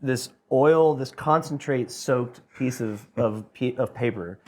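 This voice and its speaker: Podcast guest, man in his 30s, excitable rambler, salty language, mid-range voice. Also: mid-range voice, slow pace. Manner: excitable, rambling, swears freely. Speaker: guest band member. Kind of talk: casual anecdote telling.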